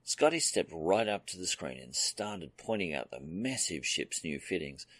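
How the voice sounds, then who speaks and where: Male audiobook narrator; low, gravelly, expressive pitch, dry close mic. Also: normal speed, no room sound. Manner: steady storytelling read. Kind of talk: scripted narration.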